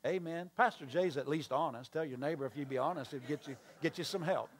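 A man preaching from the pulpit in a voice pitched a little higher than most men's. He tells his story by acting out both sides of the conversation and breaks off to toss questions and asides to the congregation. The delivery is a pastor's sermon storytelling. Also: quick pace. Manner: storytelling with acted-out dialogue and call-and-response asides.

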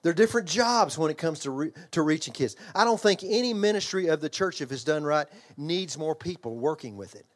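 Older guy preaching, kinda high voice, talks right to the crowd, repeats himself for emphasis. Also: animated, a little fast, few pauses. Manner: emphatic, conversational preaching, questions the congregation; repeats and restarts phrases. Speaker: pastor and children's ministry trainer. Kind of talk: sermon.

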